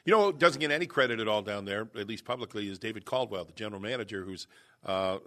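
A man's voice: fairly low pitch, quick pace, bright, forceful tone. A man hosting sports talk radio in an easygoing way and taking calls. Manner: easygoing, introduces callers.

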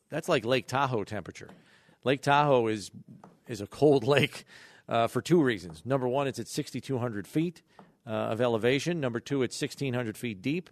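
A man's voice: medium pitch, no room sound. A man co-hosting a sports radio show, chatting casually and telling stories with acted-out quotes. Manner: chatty storyteller, acts out quotes in a raised voice. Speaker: radio co-host.

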